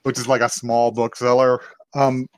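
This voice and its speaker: This man speaks in a mid-range monotone at normal speed, on a dry recording. He co-hosts a podcast and retells an anime episode in a loose, profane casual chat, voicing the characters' lines as he goes.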